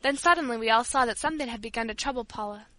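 Woman reading a story, bright and high. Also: no echo. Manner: steady, measured narration. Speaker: narrator.

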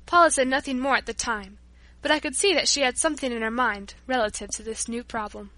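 A woman narrates an audiobook chapter in a measured, storytelling way. Her voice is fairly high and bright, and it is recorded close and dry, with no room around it. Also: dry recording.

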